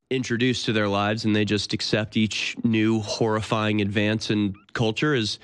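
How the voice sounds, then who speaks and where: A man in his thirties hosting a talk show, delivering a sardonic, incredulous monologue with frequent laughs. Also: medium pitch. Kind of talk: casual monologue.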